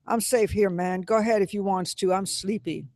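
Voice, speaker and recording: Guy putting on a drowsy stubborn southern dude, high voice, dry sound. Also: fairly even intonation, normal speed, a little mellow, no echo. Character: sleepy stubborn Southern man.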